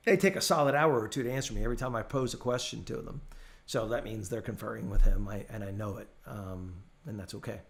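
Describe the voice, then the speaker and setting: A man's voice: medium pitch, gravelly. A man running a casual live training class over a video call, telling stories and acting out the people in them. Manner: animated storytelling, acts out his clients' voices. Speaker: real estate trainer.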